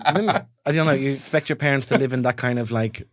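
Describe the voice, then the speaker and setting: An Irish man in his forties co-hosting a comedy podcast, spinning stories in a loose, riffing way. His voice sits at a middle pitch and sounds dry and close, with no room around it. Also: animated, fast talker, no echo. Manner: storytelling, riffing, slips into silly voices. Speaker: podcast co-host. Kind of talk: casual comedic chat.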